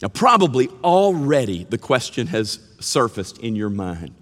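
A man preaching a sermon in a measured, emphatic way, now and then stumbling over a word. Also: mid-range voice, lively intonation, big-room sound.

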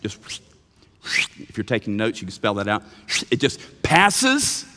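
A man preaching a sermon, swinging between hushed, slow phrases and loud, emphatic bursts. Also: lowish voice, huge pitch swings, long reverb tail.

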